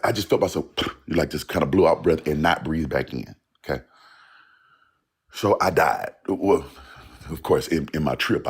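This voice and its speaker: A man telling a story in casual, animated talk, laughing and swearing as he acts out what people said. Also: very deep voice, breathy edge.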